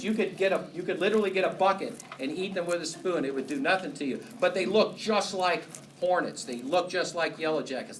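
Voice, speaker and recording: A man teaches a university biology class in a casual, joking way, tossing questions to the students. His voice sits a little high. He is picked up from a distance in a roomy, echoing lecture hall with clear background noise. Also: fairly bright tone. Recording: echoey hall from far off, noisy.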